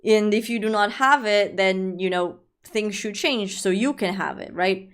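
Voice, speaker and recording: A woman's voice: mid-range voice, unhurried. A young woman livestreaming, chatting casually with viewers in a rambling way, full of fillers and restarts.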